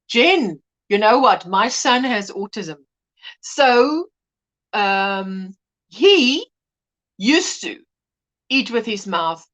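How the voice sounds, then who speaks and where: Lively, animated middle-aged woman host. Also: a little high. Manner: animated storyteller, mimics voices, laughs often. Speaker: livestream host. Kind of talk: casual chat reading viewer comments.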